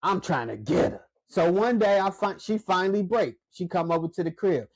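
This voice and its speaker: Casting note: man, podcast co-host, lively storyteller, higher voice, dry close sound. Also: normal speed, no echo. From Chicago. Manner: animated storyteller, acts out quotes. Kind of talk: casual chat.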